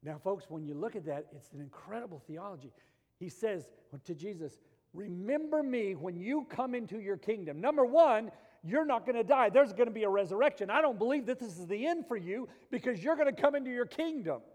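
A man preaching a sermon, animated, swinging between loud emphasis and quiet, intense passages. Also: high-pitched, fairly quick, long reverb tail. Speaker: pastor.

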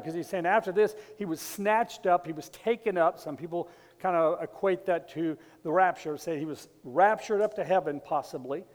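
A man preaching in a loose, conversational way, drifting through asides and starting sentences over. His voice sits a little high for a man. It rings out with a long hall reverb around it. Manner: conversational, rambling with asides and restarts. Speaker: pastor. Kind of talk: sermon.

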